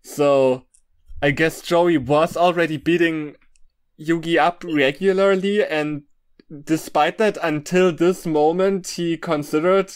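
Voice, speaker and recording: A man riffing on a fanfic with friends, talking in slow, puzzled questions that trail off. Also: on the high side, fairly even intonation, smooth. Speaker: fanfic riff co-host. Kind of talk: casual riffing chat.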